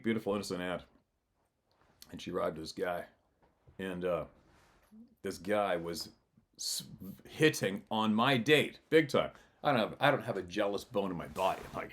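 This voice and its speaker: This is a man with a fairly low voice, hosting his own show in a loose, rambling monologue. He talks bluntly and swears freely. He laughs as he goes and often breaks off his sentences to start them again. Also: lively intonation, normal speed, long pauses, a bit bright. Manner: rambling with frequent restarts. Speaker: channel host. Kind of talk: casual storytelling monologue.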